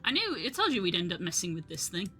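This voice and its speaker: Bright-voiced woman streaming a game. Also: lowish voice, sing-song, fast, faint music behind. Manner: chatty, reads game dialogue aloud. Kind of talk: casual live-stream commentary.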